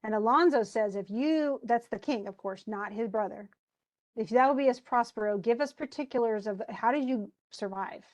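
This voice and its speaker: Woman explaining a play, higher voice. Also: normal speed, highs cut off. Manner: reads quoted verse then retells it in plain speech; animated, uses fillers and restarts. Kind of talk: casual lecture, paraphrasing and quoting lines.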